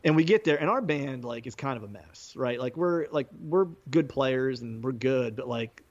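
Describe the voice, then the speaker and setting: A man's voice: mid-range voice, lively intonation, moderate pace, darkish tone, dull audio. A man, a musician, telling a loose story in casual talk, full of fillers and frequent laughs. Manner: rambling, peppered with fillers, laughing often.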